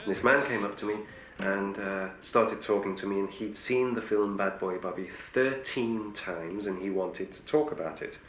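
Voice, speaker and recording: A man's voice: fairly low pitch, moderate pace, hardly any pauses, a bit bright, echoey room, lo-fi sound, faint music behind. A middle-aged male actor telling wry anecdotes in an interview, often restarting his sentences. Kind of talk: interview storytelling.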